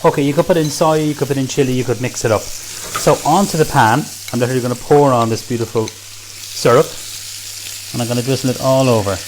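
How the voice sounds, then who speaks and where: A man's voice: mid-range voice, fairly quick, background noise. An Irish man demonstrating a recipe in a kitchen, chatty and enthusiastic, full of praise for the food. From Ireland. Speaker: cook. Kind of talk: cooking demonstration.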